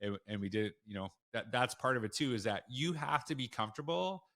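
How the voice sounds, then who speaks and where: A man's voice: medium pitch, fast talker, a bit bright. A man being interviewed as a school leader, telling stories frankly and emphatically in a conversational way. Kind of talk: conversational storytelling.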